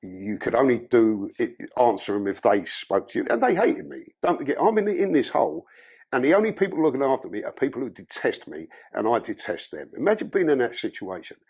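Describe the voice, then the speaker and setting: Gravelly, husky man. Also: medium pitch, very animated, fairly quick, darkish tone. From London. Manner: blunt, profane storytelling. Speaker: podcast guest. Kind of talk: candid life-story interview.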